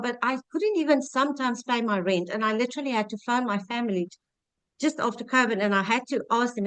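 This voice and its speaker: A woman's voice: fairly high pitch, a bit bright, no room sound, poor audio. Earnest South African woman in her fifties. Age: 50s. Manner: earnest, heartfelt, rambling with restarts. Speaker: guest sharing her success story. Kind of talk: personal testimony on a webinar. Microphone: video call.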